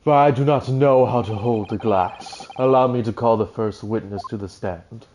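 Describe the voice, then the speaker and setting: A man voicing a haughty aristocratic male prosecutor, speaking in a pompous, low drawl. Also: moderate pace, a little mellow, slight background noise, close to an everyday voice, rough recording. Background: game music.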